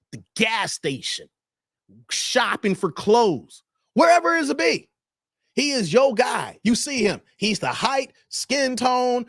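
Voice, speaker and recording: A man's voice: high-pitched, no room sound, studio quality. A man hosting a reaction channel, giving preachy dating commentary and acting out the people he quotes. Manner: animated, preachy, acts out quoted voices.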